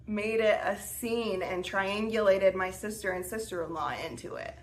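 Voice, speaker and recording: A woman's voice: mid-range voice, steady tone, normal speed, hardly any pauses. Chatty young woman telling a story. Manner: chatty, filler-heavy with many restarts and 'like'. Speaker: podcast host. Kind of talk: casual storytelling.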